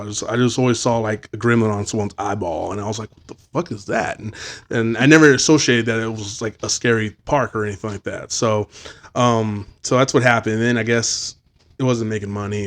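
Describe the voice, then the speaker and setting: A man in his thirties hosting a podcast, telling swear-filled stories in casual chat and acting out quoted voices. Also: on the low side. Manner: profane, storytelling, acts out voices. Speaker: podcast host.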